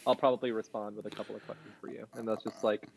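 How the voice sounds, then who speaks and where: A man's voice: lowish voice, little pitch movement, rapid-fire, creaky, slight background noise. A man hosting a podcast, talking loosely and casually and swearing now and then. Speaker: podcast host. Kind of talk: casual conversation.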